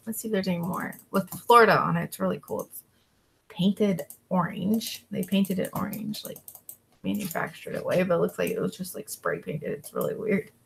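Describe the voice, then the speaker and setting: A woman reseller chatting casually with her viewers as she works, drawling along with plenty of fillers. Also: a little hiss or hum. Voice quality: gravelly, creaky. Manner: slow, drawling and relaxed, with frequent fillers; calls to her dogs in a high, coaxing voice. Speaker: online reseller vlogger. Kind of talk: casual chat while working, answering viewers.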